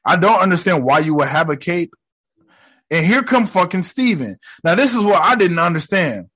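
Excitable man in a slangy reaction. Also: high voice, moderate pace, slightly rough. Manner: excitable, profane, slangy, acts out lines from the show. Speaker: reaction video host. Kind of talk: casual reaction commentary.

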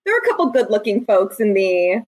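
A woman's voice: medium pitch, sing-song, brisk, a little mellow, low-quality recording. A woman co-hosting a podcast in casual chat, enthusiastic and rambling. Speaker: podcast co-host.

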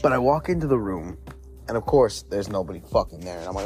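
A man with a fairly low voice recounts a frightening night in loose, rambling podcast talk, swearing often. Faint music sits quietly under his voice. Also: lively intonation, fast talker. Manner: profane, rambling, conversational. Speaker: podcast host. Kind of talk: casual spooky storytelling.

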